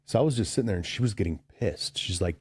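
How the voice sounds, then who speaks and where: A man's voice: lowish voice, lively intonation, fast talker, darkish tone, breathy edge, no room sound, clean studio sound. A man from Chicago, a podcast guest, telling a long story in a loose, rambling way, full of "like" and "dude". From Chicago, USA. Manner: rambling, heavy use of "like" and "dude". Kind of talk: casual storytelling.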